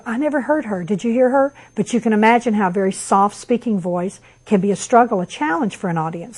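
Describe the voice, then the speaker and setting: Loud, emphatic woman lecturing a class. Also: medium pitch, husky, low-quality recording. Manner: lively and emphatic, frequent restarts and repeated words; loud speaking voice. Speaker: college instructor.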